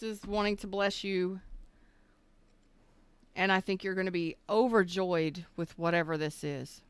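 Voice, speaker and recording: A woman's voice: lowish voice, steady tone, clear, resonant tone, no room sound. Choked-up woman giving a soothing tarot reading. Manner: emotional, soothing, slow halting delivery. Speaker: tarot reader. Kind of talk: live-streamed tarot reading.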